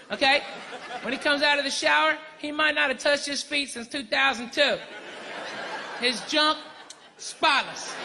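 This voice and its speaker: A man's voice: very high voice, creaky, pushed and bright, slight background noise. A man performing a brash, profane stand-up comedy set before a live audience in a large venue. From Arkansas, US. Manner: brash, profane, punchy delivery with crowd work. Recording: reverberant live hall with crowd laughter.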